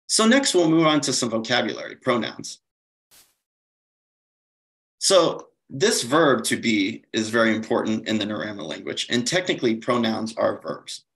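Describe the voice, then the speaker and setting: A man's voice: medium pitch, lively intonation, moderate pace, gravelly, a bit bright, poor audio. A man giving a slide-based conference lecture, explaining steadily with occasional fillers and self-corrections. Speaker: conference presenter.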